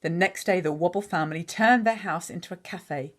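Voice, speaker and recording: A woman teacher reading a picture book aloud, pausing to chat and quiz the listener on words. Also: fairly low pitch. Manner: chatty, asks the listener questions.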